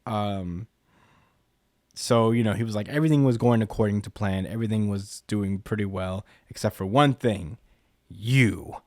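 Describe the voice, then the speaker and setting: A man's voice: fairly low pitch, normal speed, darkish tone, dry recording, clean studio sound. Young man recapping in a loose casual chat. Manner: loose, filler-heavy storytelling. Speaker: podcast co-host.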